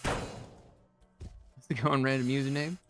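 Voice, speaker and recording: Music plays behind a young man streaming a game, his medium-pitched voice steady and slow. He chats casually, venting his frustration in rambling bursts full of fillers.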